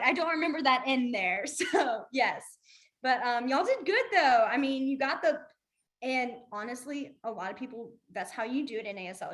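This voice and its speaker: Woman, a friendly class teacher, talky and encouraging, a bit high-voiced. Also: fairly bright tone. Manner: chatty, encouraging, laughs often. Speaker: sign language teacher. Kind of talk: casual online class instruction.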